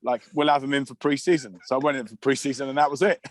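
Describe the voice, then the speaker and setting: Middle-aged man, rambling storyteller, medium pitch, dry close sound, casual chat. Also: steady tone, fast, no room sound. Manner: rambling anecdotes with many restarts and laughs. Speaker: guest, former rugby player.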